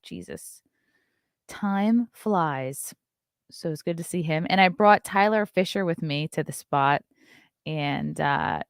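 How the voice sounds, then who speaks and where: A woman's voice: lowish voice, no room sound, clean studio sound. A woman in her thirties hosting a live stream, telling brash, sarcastic stories and reading out viewer messages. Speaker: host. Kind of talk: casual live-stream chat.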